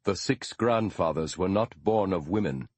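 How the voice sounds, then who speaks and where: A man reading the part of a calm, wise Lakota man who speaks slowly and gravely. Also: low-pitched, dry recording.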